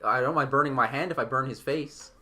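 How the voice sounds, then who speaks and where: A man's voice: medium pitch, brisk, pushed and bright. A man playing a tabletop game as a player, talking casually, asking questions and swearing now and then.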